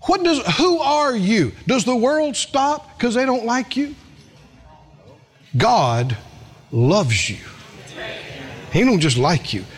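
A man's voice: extremely high pitch, very animated, slow, long pauses, husky. A man preaching a sermon as pastor, folksy, calling on the congregation to respond.

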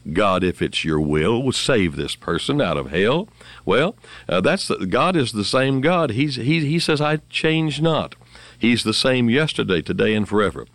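A man's voice: on the low side, very animated, normal speed, fairly bright tone, no echo. A man preaching a radio sermon, rambling and fervent, rising in emphasis as he quotes scripture.

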